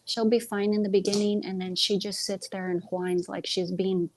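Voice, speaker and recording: A woman's voice: mid-range voice, little pitch movement, moderate pace, darkish tone, slight background noise, rough recording. Chatty woman rambling on a home stream. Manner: rambling, stumbling over words. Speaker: live stream host. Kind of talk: casual live stream chat. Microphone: earbuds.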